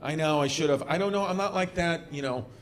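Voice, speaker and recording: A man doing crowd work in a stand-up comedy club, loud and laughing, then dropping to a mutter for asides. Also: fairly high pitch, fairly quick. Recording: live club recording with crowd noise. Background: laughing audience.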